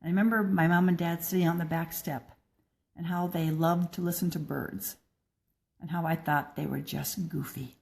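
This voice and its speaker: Older woman, warm and soft-toned, sincere, unpolished personal talk with restarts. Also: fairly low pitch, fairly even intonation, moderate pace, gravelly. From American Midwest. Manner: gentle, earnest, with frequent restarts. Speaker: blogger and speaker.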